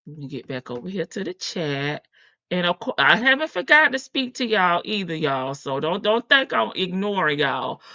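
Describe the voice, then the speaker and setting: A woman's voice: fairly low pitch, big pitch swings, normal speed, pushed and bright, muffled recording. A woman hosting a true crime live stream, chatting casually and playfully with her viewers and laughing often.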